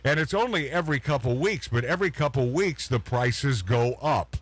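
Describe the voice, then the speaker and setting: A man's voice: medium pitch, animated, moderate pace, dry recording. Blunt ranting male talk host. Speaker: radio show host. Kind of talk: opinionated talk radio chat.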